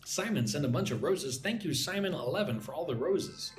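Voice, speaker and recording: A man teaching an English lesson on a live stream, talking slowly and checking in with "right?" after his points. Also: on the high side, lively intonation, music in the background. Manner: slow, repeats points with frequent "right?". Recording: echoey room, faint ambience.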